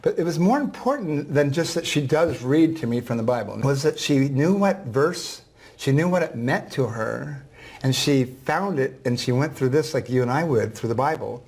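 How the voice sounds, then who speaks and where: A reading teacher appearing on a talk show tells an emotional story, acting out the dialogue as an animated, soft-hearted storyteller. His mid-range voice carries a breathy edge, and he speaks at a moderate pace.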